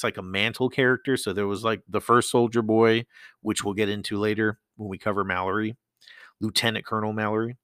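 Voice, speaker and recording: A man's voice: fairly low pitch, a bit bright, dry recording. A man hosting a casual solo podcast, rambling and swearing as he talks into a close mic. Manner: rambling, profane, laughs often. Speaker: podcast host.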